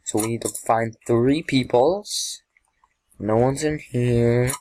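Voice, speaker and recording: A man's voice: medium pitch, takes it slowly, darkish tone. A man casually commenting on his own gameplay, talking to himself, easily startled and often laughing. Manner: jumpy, talks to himself, yelps and laughs. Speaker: gamer.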